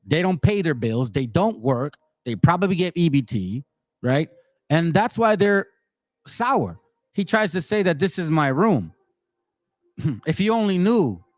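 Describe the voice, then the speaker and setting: A man in his forties hosts his channel in a heated, mocking rant full of slang. His voice sits a bit high for a man. The sound is dry and close, with no room around it. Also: no echo. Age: 40s. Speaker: channel host.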